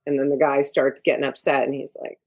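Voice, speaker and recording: Low-voiced woman coach, frank and emphatic. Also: little pitch movement, fast, a little mellow. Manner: frank and emphatic, giving advice. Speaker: executive coach, podcast guest. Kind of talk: casual interview talk.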